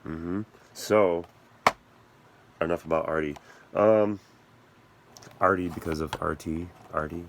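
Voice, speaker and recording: A man's voice: low voice, steady tone, slow, pauses often, background noise. A man hosting a casual vlog about his action figures, rambling and joking and often losing his train of thought. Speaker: channel host reviewing toy action figures.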